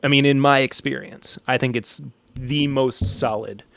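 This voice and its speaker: A man's voice: medium pitch, steady tone, moderate pace, vocal fry, fairly bright tone, dry recording. A man with a Southern American accent hosting a podcast, chatting casually and joking while reacting to a live chat. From Southern United States. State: a little stressed. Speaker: podcast host.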